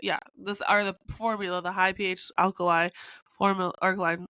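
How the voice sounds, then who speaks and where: A young woman hosting a beauty podcast, talking with a sick, congested voice. She is chatty and rambling, with a bright, forward tone. The sound is close and dry. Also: mid-range voice, flat delivery, brisk, smooth, dry recording, poor audio. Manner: chatty, long-winded, laughs often. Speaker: podcast host, brow artist. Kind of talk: casual educational podcast.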